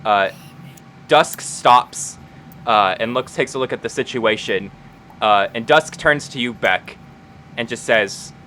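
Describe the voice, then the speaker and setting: A man's voice: mid-range voice, slow pace, pauses often, bright, forceful tone, a little hiss or hum. A young man narrating as game master for a tabletop game, casual and full of fillers.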